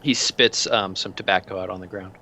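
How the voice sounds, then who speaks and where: A man's voice: deep voice, steady tone, brisk, sharp tone. A man narrating a tabletop game as game master, casual and loose. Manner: casual, loose, with restarts and fillers.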